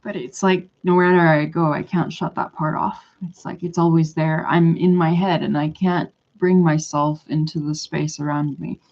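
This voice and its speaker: A woman's voice: sits low, level tone, normal speed, hardly any pauses, a little mellow. A woman telling a story in a casual monologue that rambles, hesitates and trails off. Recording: dull lo-fi recording.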